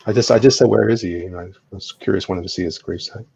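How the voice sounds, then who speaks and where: A man's voice: low-pitched, quick pace, gravelly, warm tone, muffled recording, a little hiss or hum. A man in casual chat among friends, emphatic and jokey.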